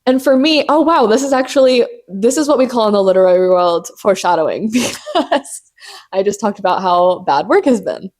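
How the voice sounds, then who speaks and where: A young woman hosts her own podcast in a loose, chatty way. She talks at a middle pitch, sounds jittery from caffeine, and swears casually while teasing herself. Her delivery races ahead in animated bursts. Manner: animated, profane, self-mocking, fast bursts. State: caffeinated and hyped. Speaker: podcast host. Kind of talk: casual solo podcast chat.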